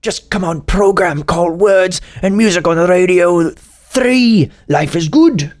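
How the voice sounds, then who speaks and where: A man voicing a pompous old British pipe-smoking gentleman in a raspy, theatrical reading. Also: sits high, voice pushed up. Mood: wistful. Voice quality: raspy, gravelly put-on voice. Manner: grandiose, theatrical, drawn-out reading. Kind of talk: mock reading of comments aloud.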